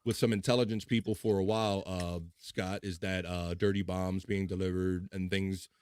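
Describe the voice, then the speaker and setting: A man's voice: deep voice, little pitch movement, normal speed, darkish tone, clear, resonant tone, no room sound. A man hosting a casual livestream, chatting loosely, swearing and laughing as he reads comments. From Baltimore. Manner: loose, profane, laughs often. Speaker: livestream host. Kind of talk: casual chat reading live comments.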